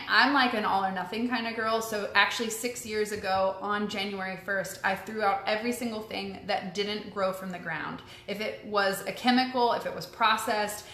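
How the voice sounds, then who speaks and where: A woman's voice: mid-range voice, pushed and bright. Chatty young woman, echoey room. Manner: chatty, upbeat, frequent ums and likes. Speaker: host answering viewer questions. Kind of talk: casual live-stream chat. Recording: echoey room with faint ambience.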